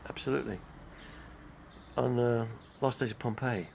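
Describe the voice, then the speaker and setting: A man's voice: medium pitch, brisk, vocal fry, slight background noise. An older man, rambling casually on a live stream, chatty and digressive. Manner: chatty, digressive, name-dropping.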